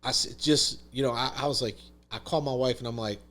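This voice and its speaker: A man's voice: mid-range voice, quick pace, fairly bright tone. A man talking as a podcast guest, telling a story in casual conversation, emphatic, swearing freely and saying "dude" and "literally" a lot.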